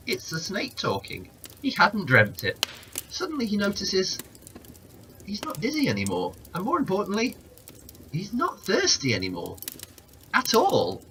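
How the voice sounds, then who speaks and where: A man reading a long story aloud as narrator, with expressive, animated delivery. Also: fairly high pitch, a little hiss or hum, low-quality recording.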